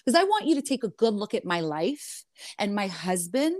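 A woman in her forties, a reality TV guest telling her side in an animated interview, emphatic and indignant with quick retorts. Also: medium pitch, no echo, clean studio sound.

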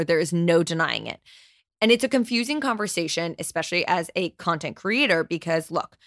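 A woman's voice: fairly low pitch, fairly bright tone, no room sound, studio quality. Candid, emphatic young woman podcast host. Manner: candid, emphatic, swears freely. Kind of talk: solo podcast talk.

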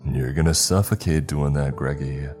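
A man's voice: rumbling low, moderate pace, darkish tone, soft background music. A man voicing a taunting, sinister male entity with a childish, growly voice in a horror story. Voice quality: growly, mocking.

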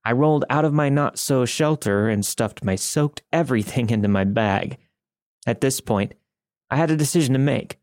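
A man's voice: mid-range voice, moderate pace, darkish tone, dry recording, clean studio sound. A man narrating a first-person story in a wry, conversational way.

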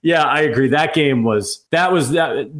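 Rambling, animated man in sports chat. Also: fairly high pitch, a little slow. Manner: rambling, animated, many fillers.

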